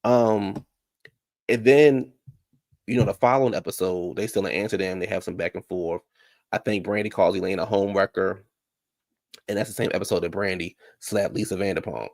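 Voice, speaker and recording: Gravelly-voiced man recapping reality TV. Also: sits low, fairly even intonation, normal speed, a little mellow. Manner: blunt, chatty, with many restarts and asides. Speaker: reality TV commentator. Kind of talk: casual recap commentary.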